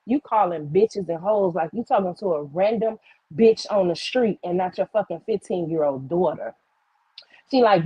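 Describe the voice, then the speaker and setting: A woman's voice: on the low side, normal speed, breathy edge, no room sound, dull audio. A woman host telling a heated, profane story to her viewers in casual chat. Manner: heated, profane, animated retelling with quoted voices. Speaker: streamer host.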